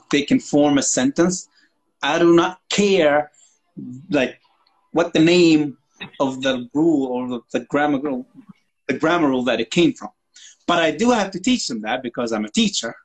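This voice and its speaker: This podcast co-host, an English teacher, has a voice on the high side and a moderate pace, captured in a rough recording. His casual chat is full of jokes, profanity, and mocked accents.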